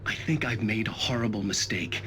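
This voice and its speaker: An actor playing a frightened male writer in a game, speaking in a tense, halting confession. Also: fairly low pitch, natural voice. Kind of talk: video game monologue. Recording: loud background noise.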